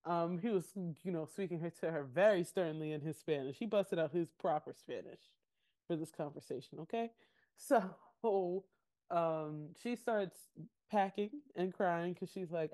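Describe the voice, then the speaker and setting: A young woman with a slightly low-pitched voice co-hosts a podcast in a casual recap chat. She is animated and acts out quotes between bursts of laughter. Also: measured pace. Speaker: podcast co-host.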